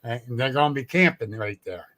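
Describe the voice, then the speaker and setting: A man's voice: medium pitch, animated, a little fast, a bit bright. A man chatting as a guest, telling stories bluntly with plenty of cursing and frequent laughter. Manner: blunt and salty, laughs often. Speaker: guest, cryptid researcher. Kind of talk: casual storytelling chat.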